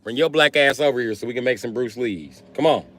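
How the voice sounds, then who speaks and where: A man's voice: medium pitch, very animated, unhurried, gravelly, fairly bright tone, no echo, soft background music, heavily acted. A man voicing a flirty, pushy woman soldier who talks in clipped, broken English. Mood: coaxing. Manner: clipped broken phrasing, coaxing.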